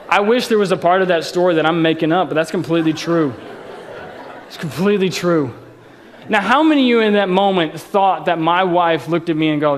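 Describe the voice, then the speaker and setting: Chatty joking pastor, high voice. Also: male voice, a little fast. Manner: casual and joking, tells personal stories. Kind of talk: sermon. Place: church auditorium, live service. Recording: long reverb of a large church hall.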